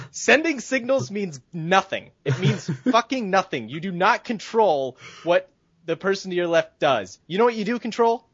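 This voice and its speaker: A man's voice: sits high, very animated, moderate pace, slightly rough, dry recording. A man co-hosting a podcast, ranting in a heated, profane, casual way. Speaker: podcast co-host. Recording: dull, dry lo-fi sound.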